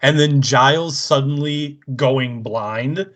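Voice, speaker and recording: A man's voice: mid-range voice, slow, a bit bright. A man co-hosting a podcast, chatting casually and tossing in dry, crude wisecracks. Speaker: podcast co-host.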